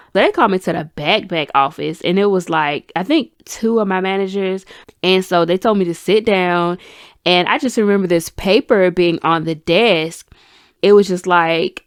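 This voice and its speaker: A young woman hosting a podcast, telling a story in an animated, chatty way and calling her listeners y'all and honey. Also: lowish voice, no echo, clean studio sound. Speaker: podcast host. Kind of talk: casual storytime chat.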